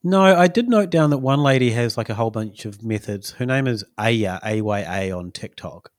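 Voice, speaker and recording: A man's voice: medium pitch, expressive, moderate pace, no echo, studio quality. A man, co-hosting a casual podcast chat and telling a rambling story with many fillers. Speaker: podcast co-host.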